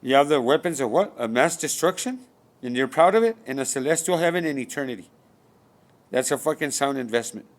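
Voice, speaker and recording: A man's voice: medium pitch, lively intonation, a little fast. Man preaching in profane rhetorical questions. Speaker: spiritual speaker. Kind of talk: rambling spiritual monologue.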